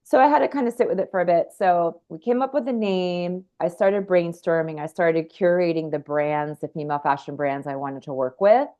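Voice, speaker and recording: Earnest woman in her forties as a rambling podcast guest, low voice, dull lo-fi audio. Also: normal speed, few pauses, mellow. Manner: earnest, rambling, frequent restarts. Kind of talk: candid conversational storytelling.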